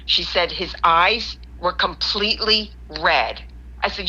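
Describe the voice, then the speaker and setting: A woman tells a story with animated asides, voicing her friend's words as she goes. Her voice is low-pitched yet bright. It comes through a dull, lo-fi line. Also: slow pace, breathy edge. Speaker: guest caller. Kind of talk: telling a paranormal story.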